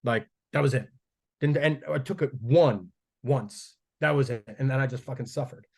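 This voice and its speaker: A man's voice: mid-range voice, normal speed, vocal fry, husky. Profane, rambling man telling stories. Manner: profane, rambling storytelling with frequent restarts. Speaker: strength coach guest. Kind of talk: casual podcast conversation.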